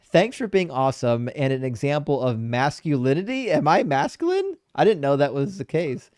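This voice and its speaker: A man hosting a debate livestream, reading out super chats in blunt, profane, animated casual talk. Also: mid-range voice, normal speed, dry recording, clean studio sound. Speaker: debate show host.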